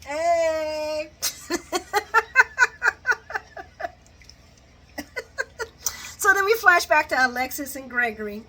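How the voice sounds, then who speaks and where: A woman giving a lively, casual recap of a soap opera, laughing often and acting out the characters' lines. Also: high voice, brisk, few pauses. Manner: animated, laughs often, acts out quotes.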